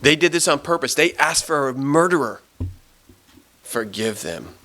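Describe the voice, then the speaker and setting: A man doing a thief on a cross, bright edgy voice, halting and repeating himself, remorseful. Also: a little high, animated, slight background noise. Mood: indignant. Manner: sneering at first, then pleading and halting.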